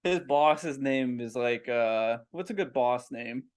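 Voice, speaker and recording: A man's voice: medium pitch, takes it slowly, smooth. A male podcast co-host on a video call, chatting playfully and riffing on absurd scenarios. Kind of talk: casual comedic chat.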